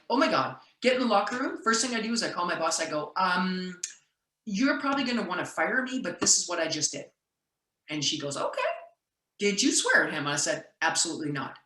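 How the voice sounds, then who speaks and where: A woman referee telling an animated story on a call, acting out quoted lines in a loud voice. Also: mid-range voice, roomy sound, rough recording. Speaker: basketball referee and session speaker. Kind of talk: storytelling talk on a video call.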